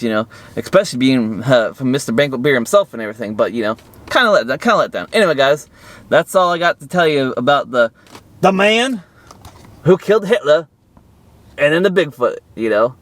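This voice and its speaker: A man casually recapping a movie to viewers, full of fillers and repeated phrases, jumping suddenly high for emphasis. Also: fairly bright tone. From United States. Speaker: movie reviewer.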